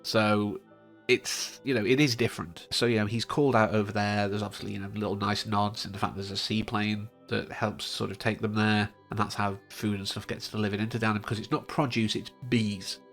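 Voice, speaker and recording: A man's voice: fairly low pitch, flat delivery, fairly quick, a bit bright, soft background music. A man giving a casual, digressive spoken film review, talking chattily and often trailing into asides. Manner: chatty, digressive, frequent fillers. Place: home studio in front of a green screen.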